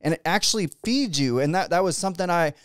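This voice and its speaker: A man's voice: high-pitched, animated, quick pace, clear, resonant tone, dry recording, clean studio sound. A man hosting a podcast interview, talking in a loose, rambling way with lots of restarts and easy laughs. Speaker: podcast host. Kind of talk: casual interview chat.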